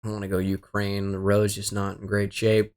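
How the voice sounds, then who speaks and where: A young gaming streamer with a lowish, monotone, slightly mellow voice talks at normal speed through a geography guessing game. He mutters his guesses and curses his luck in self-deprecating, exasperated asides.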